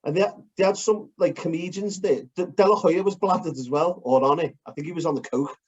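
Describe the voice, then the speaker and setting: A man co-hosting a casual chat, blunt and animated, swearing as he breaks down fight technique. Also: high-pitched, fairly quick, slightly rough. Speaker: podcast co-host. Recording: dull lo-fi recording.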